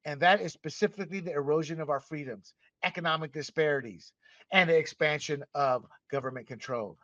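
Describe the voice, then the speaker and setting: Impassioned fairly high-voiced man. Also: brisk, no room sound. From Panama. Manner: impassioned, emphatic, swings between loud and soft. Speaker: podcast host. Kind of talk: opinionated commentary monologue. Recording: dull, slightly muffled dry recording.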